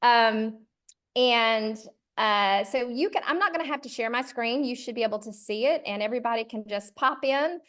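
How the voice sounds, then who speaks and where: A middle-aged woman from Georgia speaks with a Southern accent, slightly high-pitched. She leads a workshop over a video call in a friendly, chatty way, with plenty of fillers. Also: moderate pace, fairly bright tone. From Georgia, USA. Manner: friendly, many ums and uhs, says y'all. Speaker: charter school consultant leading a workshop. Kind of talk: virtual workshop presentation.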